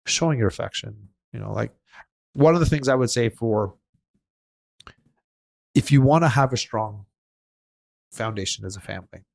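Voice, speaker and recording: Gravelly-voiced middle-aged man, earnest and emotional. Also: on the low side, darkish tone. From Canada. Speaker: podcast host. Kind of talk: casual conversation.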